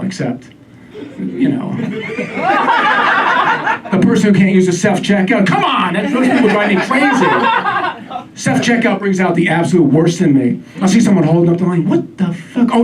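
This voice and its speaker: A man doing a stand-up comedy set on a club stage, wry with deadpan asides. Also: fairly high pitch, very noisy. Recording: distant mic, live crowd laughter.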